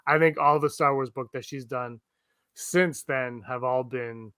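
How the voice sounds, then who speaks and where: A man co-hosting a podcast, chatting casually and telling rambling, animated stories full of restarts. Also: medium pitch, a little slow, clear, resonant tone, no room sound. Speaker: podcast co-host. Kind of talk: casual chat. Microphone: streamed remote podcast setup.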